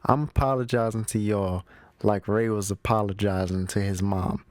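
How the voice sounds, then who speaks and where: A man's voice: fairly low pitch, fairly even intonation, moderate pace, no echo. Chatty man recapping a movie, dry sound. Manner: chatty, slangy, talks straight to the audience. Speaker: movie review show host.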